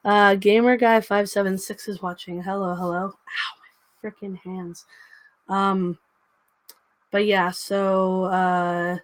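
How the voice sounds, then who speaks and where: A woman's voice: medium pitch, level tone, slow pace, dry recording. Chatty young woman livestreaming. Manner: chatty, coos baby talk to her dog. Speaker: livestream host. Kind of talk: casual livestream chat.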